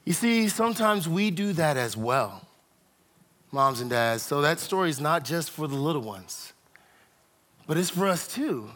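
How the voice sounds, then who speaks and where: A man preaching a sermon who tells a story in an animated way and speaks directly to the congregation. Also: a little high, unhurried. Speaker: pastor.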